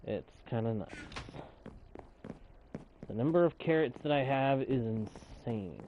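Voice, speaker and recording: A man streaming a block-building game, his voice swinging widely and playfully, often leaping up into excited greetings for his chat. He speaks slowly and unhurriedly between bursts, with a faint hiss of noise behind him. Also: mid-range voice, dull audio. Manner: playfully mock-outraged over small mishaps. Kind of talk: live gameplay chat with viewers.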